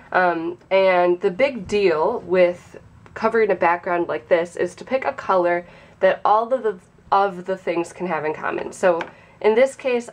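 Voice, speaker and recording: A young woman hosting a casual craft tutorial, sounding nasal from a sinus infection and explaining in a chatty, relaxed way. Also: mid-range voice, slight background noise.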